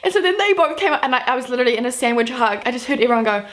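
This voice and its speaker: A woman's voice: a little high, lively intonation, very fast. A young woman from New Zealand telling personal stories to camera in a chatty, self-mocking way. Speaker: vlogger. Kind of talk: casual storytelling to camera.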